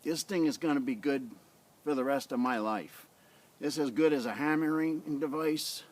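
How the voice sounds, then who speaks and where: A man's voice: a little high, normal speed. A man casually reviewing a survival knife in his yard, talking in a rambling, blunt way into a tablet camera on a tripod. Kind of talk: casual outdoor demo vlog. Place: outdoors in a front yard.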